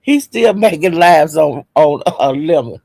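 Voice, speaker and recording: Male livestream host with a slightly high, husky voice. He tells gossip with frequent laughter and talks straight to his chat. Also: expressive, unhurried, darkish tone. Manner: laughs often, talks to chat as "y'all", "honey" and "child". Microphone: home streaming setup.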